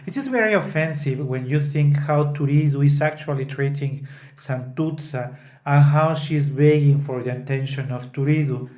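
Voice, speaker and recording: A man's voice: on the high side, moderate pace, a little mellow. A man hosting a podcast, retelling an opera scene by scene and breaking into sung snatches of the parts. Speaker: podcast host. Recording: roomy echo.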